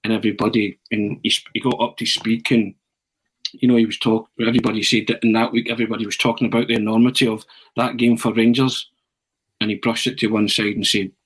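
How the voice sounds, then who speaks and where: A man telling a long, animated anecdote on a podcast. He restarts often and drops in "eh" between phrases. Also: lowish voice, fast, husky, low-quality recording. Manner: animated storyteller, frequent restarts and "eh". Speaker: podcast pundit.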